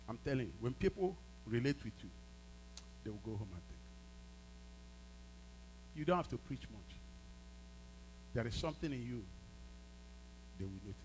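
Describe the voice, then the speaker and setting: A man's voice: lowish voice, warm tone, slight background noise, rough recording. A man preaching a sermon as a pastor, emphatic, repeating phrases and prompting his congregation.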